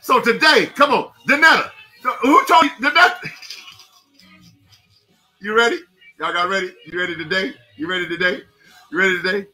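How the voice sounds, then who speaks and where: High, bright-voiced fervent preacher man. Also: normal speed, long pauses, faint music behind. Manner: fervent, calls out to listeners by name, breaks into shouts and laughs. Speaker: pastor. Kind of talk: energetic devotional sermon.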